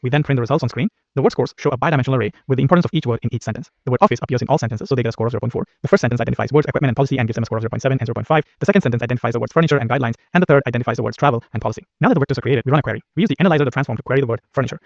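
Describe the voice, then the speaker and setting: A man explains a technical lesson at a rapid clip, his voice carrying a gravelly edge. He keeps a brisk, steady, explanatory manner throughout. The recording is dry and a little dull. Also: medium pitch, no echo. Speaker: course instructor. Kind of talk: scripted technical lesson narration.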